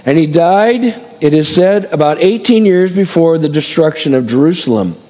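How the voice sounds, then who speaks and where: Long hall reverb surrounds a middle-aged male pastor whose fairly high, animated, mellow voice moves at normal speed. His sermon is conversational, peppered with asides and rhetorical checks like "amen?" and "right?"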